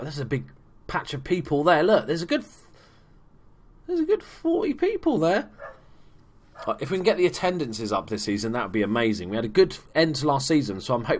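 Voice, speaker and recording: Man, casual let's play commentary, chatty, swears a lot, mid-pitched voice. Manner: chatty, swears, bursts into excited shouts at goals. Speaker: gaming YouTuber.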